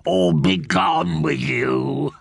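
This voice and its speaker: Maggie the Frog, a croaking old witch as a man voices her. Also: no room sound, clean studio sound, exaggerated voice. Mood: menacing. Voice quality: croaking, terrible deep voice. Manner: slow, menacing, drawn-out. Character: ancient toothless female witch, malicious.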